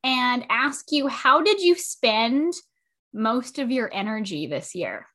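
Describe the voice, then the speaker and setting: A woman's voice: a little high, expressive, slow pace, a bit bright. A woman producer interviewing a podcast host, friendly and playful in her questions. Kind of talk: casual conversational interview.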